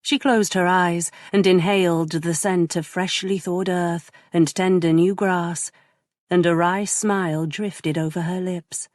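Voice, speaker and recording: A woman narrating a romance audiobook in a measured, gentle way. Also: on the low side, fairly even intonation, dry recording, clean studio sound.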